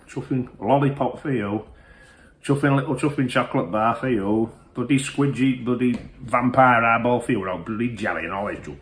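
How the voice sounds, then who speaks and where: A man who reviews whisky and tells rambling comic stories, peppering every phrase with mild swearing. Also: mid-range voice.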